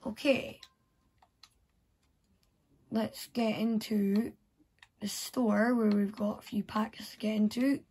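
A woman's voice: mid-range voice, fairly even intonation, takes it slowly, pauses often, warm tone, breathy edge. A woman vlogger thinking aloud as she plays a video game, muttering to herself in casual commentary. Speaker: gameplay vlogger.

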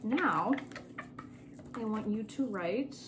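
A young woman teaching a remote spelling lesson to young children, slowly repeating each word and spelling it out letter by letter. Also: mid-range voice, expressive, noisy background. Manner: slow, patient, repeats words and spells them letter by letter.

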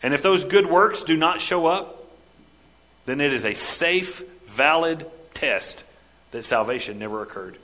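A male pastor preaching a sermon in church, emphatic and direct, swinging between loud stressed lines and quiet, lowered ones. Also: animated, unhurried, low-quality recording. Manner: emphatic preaching, rising and dropping sharply for stress.

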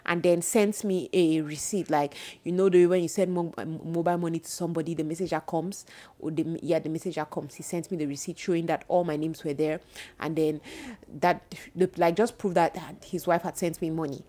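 Animated woman vlogger, lowish voice. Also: moderate pace. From Cameroon. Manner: animated, indignant storytelling to viewers. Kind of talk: casual storytime vlog.

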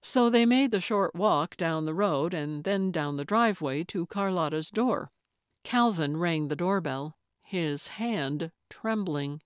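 A woman narrator reading a cozy mystery in an even, measured voice. She takes her time, unhurried through each sentence, with a mid-range tone. The sound is dry and close. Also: medium pitch, dry recording. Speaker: audiobook narrator. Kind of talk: scripted narration.

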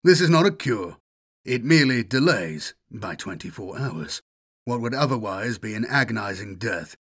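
A man voicing a cold, menacing male warrior commander who speaks with icy calm, lower and softer than his own voice. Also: moderate pace, husky.

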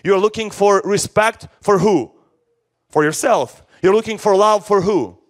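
A man's voice: high voice, measured pace. A man preaching a sermon as pastor, asking rhetorical questions and answering them himself, with emphatic repetition. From Slavic.

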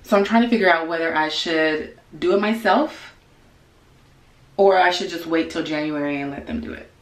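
A woman vlogging casually from her home closet, chatty and thinking out loud to herself. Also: on the low side, roomy sound. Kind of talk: casual vlog chat.

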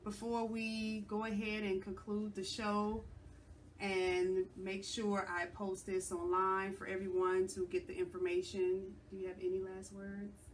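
A woman hosts a radio show interview at an unhurried pace, calm and measured. There is a faint hiss of noise behind her voice. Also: medium pitch. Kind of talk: interview hosting.

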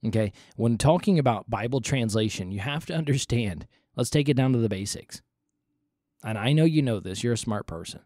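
A man's voice: mid-range voice, expressive, a little fast, warm tone, no room sound, clean studio sound. A man hosting a podcast, explaining Bible questions in an earnest, conversational teaching style and repeating his points for emphasis. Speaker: podcast host.

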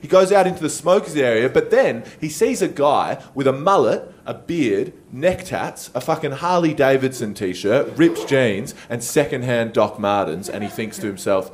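A young adult man with an Australian accent doing stand-up comedy, conversational and animated, with a lot of swearing. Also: mid-range voice, normal speed, few pauses, slight background noise. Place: comedy stage.

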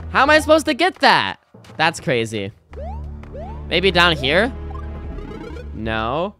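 Chatty young woman streamer, lively pitch. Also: takes it slowly, pauses often, faint music behind. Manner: rambling, self-interrupting, chatty. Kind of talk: casual gameplay commentary.

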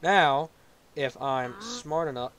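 A man playing a game on a video, commenting as he goes and yelling in frustration when he falls. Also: on the high side, lively intonation, takes it slowly. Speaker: gaming YouTuber.

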